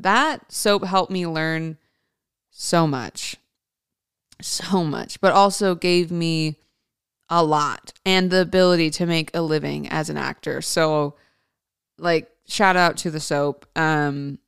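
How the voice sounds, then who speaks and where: A woman's voice: sits low, takes it slowly, vocal fry, smooth, no echo, studio quality. A woman actress chatting to her viewers in a casual storytelling vlog, talking freely and laughing often. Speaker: actress and vlogger.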